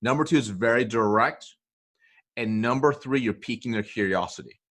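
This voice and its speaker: A man's voice: mid-range voice, moderate pace, fairly bright tone. A man explaining a sales technique in an interview, checking in often with "okay?" and "right?". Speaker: sales coach guest.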